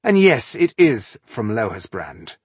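A man reading an audiobook, voicing an indignant, hot-tempered count with a husky, blustering voice. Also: mid-range voice, big pitch swings, slow, dry recording, full character voice. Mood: angry. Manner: blustering, furious.

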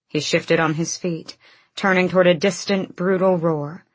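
A woman reading a fantasy novel aloud in an even, measured narration. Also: fairly low pitch, no echo. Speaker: audiobook narrator.

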